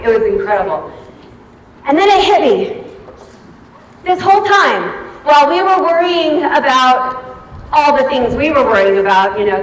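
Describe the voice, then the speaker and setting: Woman event speaker, high voice, animated storyteller who acts out her own reactions; distant mic, long hall reverb. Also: slight background noise. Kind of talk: storytelling speech to a live audience. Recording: echoey hall from far off, faint ambience.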